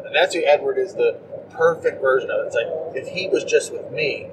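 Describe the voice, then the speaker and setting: A man co-hosting a podcast, chatting casually about movies in a rambling, animated way and acting out quotes in mocking voices. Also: medium pitch, fairly quick. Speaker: podcast co-host. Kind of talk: casual movie-review chat. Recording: distant mic with clear background noise.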